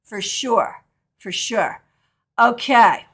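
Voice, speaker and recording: A woman's voice: on the high side, animated, drawn-out words, fairly bright tone, husky. A middle-aged woman teaching a live online tarot workshop, chatting candidly and answering viewer questions as she goes.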